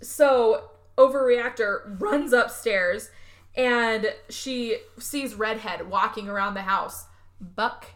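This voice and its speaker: A woman's voice: fairly high pitch, slow. A young woman co-hosting a podcast, rambling through a movie plot with lots of fillers and self-corrections. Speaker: podcast co-host. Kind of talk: casual movie recap chat.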